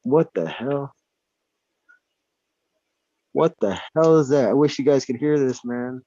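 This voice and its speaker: A man in casual chat, talking at home in a rambling, profane, animated way. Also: mid-range voice, takes it slowly, no echo. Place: indoors at home. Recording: dull lo-fi sound.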